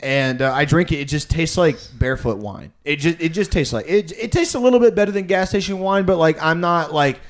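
Man, slightly raised pitch, podcast guest rambling through anecdotes with constant fillers and swearing. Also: lively intonation, fairly quick, hardly any pauses. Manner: rambling, profane, lots of fillers. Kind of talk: casual storytelling.

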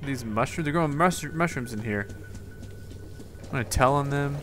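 A young man giving jokey let's play commentary, yelping and shouting at the game. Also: medium pitch, moderate pace, loud music behind the voice. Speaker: gaming YouTuber.

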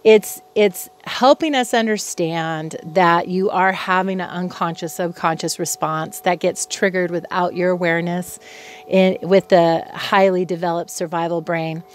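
Chatty woman psychologist talking on a patio. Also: lowish voice. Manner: chatty, easily sidetracked, laughs at herself. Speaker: clinical psychologist. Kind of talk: casual educational talk to camera. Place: outdoor home patio.

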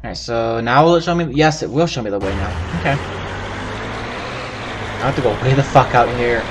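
A man giving profane, excitable let's play commentary, yelping and laughing at the game. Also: medium pitch, fairly quick, noisy background. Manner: profane, excitable, yelps and laughs while playing. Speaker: gaming channel host.

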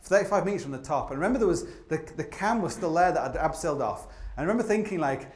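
On a theatre stage, a man with a highish, lively voice talks fast, telling rambling, comic climbing stories full of fillers and the odd swear word. The live recording has a roomy theatre sound with faint noise.

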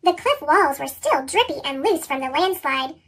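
A woman reads a children's picture book aloud with lively, expressive storytelling. The chipmunk pitch-shift makes her voice squeaky and very high, with a bright tone and a wide, sing-song swing. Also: normal speed. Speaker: storybook reader. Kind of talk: children's read-aloud narration.

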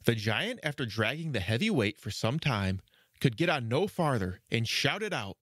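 A man narrating a fairy tale for a children's podcast, measured and expressive. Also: medium pitch, no room sound, studio quality. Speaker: storyteller. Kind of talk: storybook narration.

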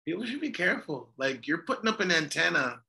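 A man's voice: a little high, very animated, fast, gravelly, pushed and bright. A man on a podcast, chiming in with hesitant, tentative remarks. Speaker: podcast co-host. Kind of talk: casual chat.

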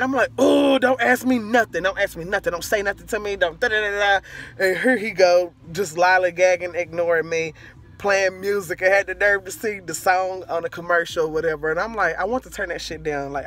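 A woman's voice: lowish voice, a bit bright. A young woman vlogger telling a rambling, profane storytime rant, drifting off track and back. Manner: rambling, profane, easily sidetracked.

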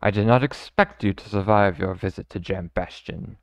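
A stern villain enforcer from a video game, formal and commanding, read out by a man. The voice is clear but dull and lo-fi, recorded dry and close. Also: fairly low pitch, normal speed, no room sound, close to an everyday voice.

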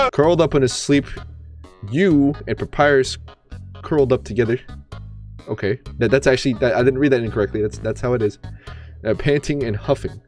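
A man's voice: mid-range voice, moderate pace, darkish tone, soft background music. A young man doing a comedic dramatic reading, often laughing and breaking off to react while playing a game. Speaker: YouTuber reading fan fiction while gaming.

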